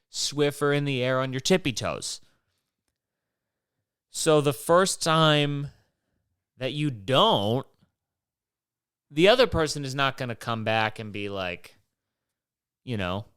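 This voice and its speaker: A man's voice: medium pitch, a bit bright, clean tone, no room sound, studio quality. A young man hosting his own show, rambling on his own in a casual, profane rant full of restarts. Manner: rambling, swears often, many restarts. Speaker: podcast host.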